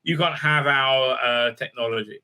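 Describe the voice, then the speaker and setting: A man's voice: mid-range voice, moderate pace, bright, forceful tone, smooth. Rambling man recapping a show. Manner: rambling, acts out characters' lines; many filler sounds and restarts. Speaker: host. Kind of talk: casual recap and review.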